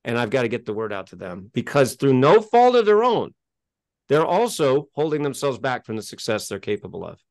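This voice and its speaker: A middle-aged man telling his story as a podcast guest, animated and emphatic, and he gets worked up as he talks. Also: medium pitch, fairly quick, no echo, clean studio sound. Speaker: interview guest.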